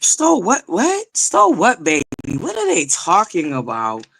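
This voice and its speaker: A woman's voice: mid-range voice, huge pitch swings, measured pace, vocal fry, fairly bright tone, no echo. A woman hosting a casual livestream chat, talking straight to her viewers in a sassy, joking way, laughing often. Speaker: livestream host.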